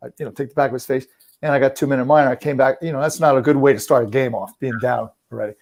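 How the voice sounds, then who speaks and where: A man's voice: medium pitch, fairly even intonation, rapid-fire, a little mellow. A man who played hockey, talking earnestly in a casual chat and filling his talk with "you know". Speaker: podcast guest, former hockey player. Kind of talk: casual conversation.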